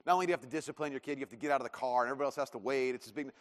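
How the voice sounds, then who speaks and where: A man's voice: mid-range voice, racing. A man in his thirties preaching a sermon in a church, conversational and self-deprecating, acting out bits of dialogue. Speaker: pastor. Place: church auditorium. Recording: long reverb of a church hall.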